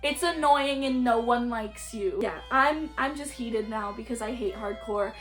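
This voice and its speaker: A woman's voice: a little high, a little slow, fairly bright tone, faint music behind. Blunt, profane young woman telling stories. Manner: blunt, profane, frequent "like" fillers. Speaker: YouTuber. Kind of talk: casual storytelling vlog.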